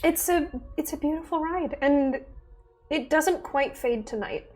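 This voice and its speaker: A woman narrating a tabletop game as dungeon master in an amused, lively way. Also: high-pitched, unhurried.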